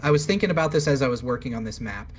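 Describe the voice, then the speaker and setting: A man's voice: medium pitch, expressive, rapid-fire, music in the background. Laid-back male dungeon master. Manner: casual, laughing, swearing. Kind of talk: narrating a tabletop game.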